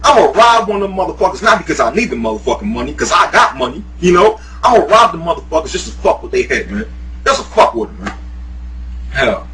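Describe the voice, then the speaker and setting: A man's voice: a little high, sing-song, quick pace, pushed and bright, poor audio. A man delivering a profane, heated video rant, mocking and laughing as he goes. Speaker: YouTuber, guest. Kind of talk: profane ranting monologue.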